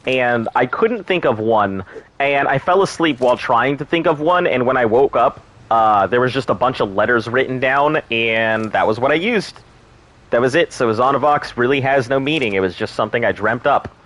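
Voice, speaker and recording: A man's voice: mid-range voice, animated, moderate pace, fairly bright tone. A man streaming a survival game, chatting in a rambling, crude, joking way. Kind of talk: casual gameplay commentary.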